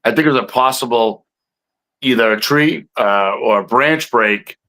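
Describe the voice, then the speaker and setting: A man's voice: medium pitch, normal speed, sharp tone, low-quality recording. A man co-hosting a podcast, telling a field story in a rambling way with many fillers. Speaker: podcast co-host, Bigfoot investigator. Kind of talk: casual chat.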